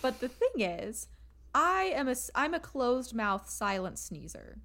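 A young woman with a fairly high voice, chatting casually as a podcast co-host. She laughs readily and tells her stories in an animated way. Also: a little slow. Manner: giggly, animated storyteller. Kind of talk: casual chat. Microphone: remote call mic.

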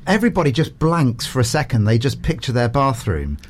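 Male radio host, chatty and playful, lively pitch, quick-fire questions. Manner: chatty, playful, laughs often. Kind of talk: casual quick-fire interview.

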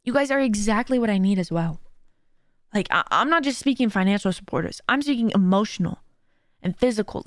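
A woman with a fairly high, animated voice speaks at a moderate pace in a clean studio recording with no echo. She hosts and streams her own podcast, delivering a casual, heartfelt motivational monologue full of earnest, faith-based encouragement.

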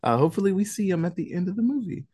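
A man's voice: high voice, animated, very fast, mellow, husky. A man on a podcast casually recapping a horror movie plot, rambling with lots of fillers and restarts. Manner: casual, chuckles while recapping. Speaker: podcast co-host.

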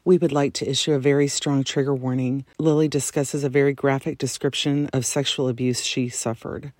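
Woman cohost, measured and validating, dry close mic. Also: very deep voice, level tone, darkish tone, dry recording. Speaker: podcast co-host. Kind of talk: interview comments and trigger warning.

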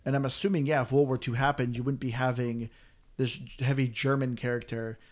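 A man's voice: mid-range voice, level tone, fairly quick. A man hosting a casual chat, talking in a chatty, complaining way. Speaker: podcast host.

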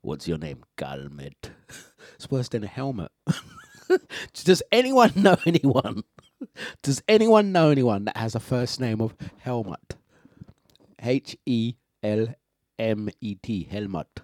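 A man hosting a breakfast radio show, chatting, laughing often and giving shout-outs to listeners. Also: mid-range voice, expressive, unhurried, dry recording, clean studio sound. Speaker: radio DJ host. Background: music playing.

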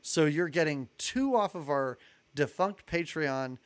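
In an unhurried way, a man with a fairly high pitch and lively intonation co-hosts a casual podcast chat. He laughs frequently and announces the episodes coming up.

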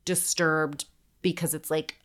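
A woman's voice: low-pitched, little pitch movement, measured pace. A young adult woman hosting a podcast, telling a story in a casual, jokey way, heavy on fillers and swearing. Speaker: podcast co-host.

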